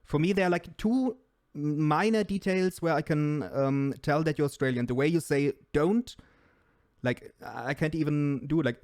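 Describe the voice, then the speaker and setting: A man hosts a relaxed online panel, putting questions to his guests and moderating. His voice sits a little high and sounds close and dry, with no room around it. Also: moderate pace, few pauses, no room sound. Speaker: host of the panel. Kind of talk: casual online panel chat.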